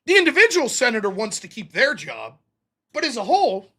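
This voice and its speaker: A man's voice: very high-pitched, wildly swooping pitch, brisk, bright, forceful tone. A man hosting a political show, ranting with heated sarcasm and plenty of profanity to a live chat. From United States. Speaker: political talk show host. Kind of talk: livestream political rant.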